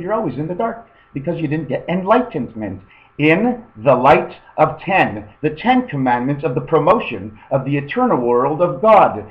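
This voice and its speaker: A man's voice: fairly high pitch, roomy sound, narrow, tinny audio. A man giving a meandering, free-associating webcam monologue, often tossing in "okay". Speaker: webcam vlogger. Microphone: webcam microphone.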